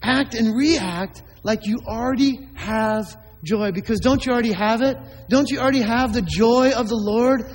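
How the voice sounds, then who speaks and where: A man's voice: very high voice, normal speed, hardly any pauses, in a large hall, a little hiss or hum, low-quality recording. A man preaching a sermon as a pastor, emphatic, with many rhetorical questions to the congregation.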